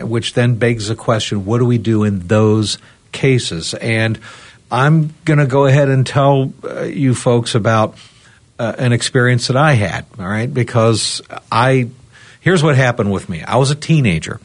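American guy on a podcast panel, earnest, telling a story, keeps saying "guys", mid-pitched voice. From United States. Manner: earnest, addresses listeners as "guys", checks in with "okay?". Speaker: roundtable panelist. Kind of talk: casual podcast chat, personal storytelling.

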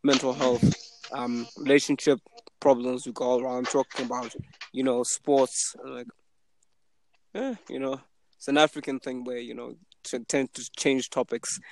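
In this low-quality clip with a little hiss or hum, a young podcast host talks at a moderate pace in a flat voice. He tells stories in a casual chat, putting on a higher voice whenever he quotes someone.

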